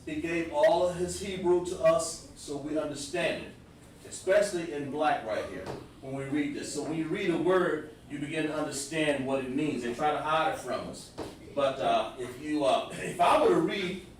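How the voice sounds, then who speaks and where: A man's voice: on the high side, normal speed, a little hiss or hum. A man teaching a scripture class. He explains the meaning of words step by step and talks directly to the people listening. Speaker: religious teacher. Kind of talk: live-streamed scripture class. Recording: very echoey room, far from the mic.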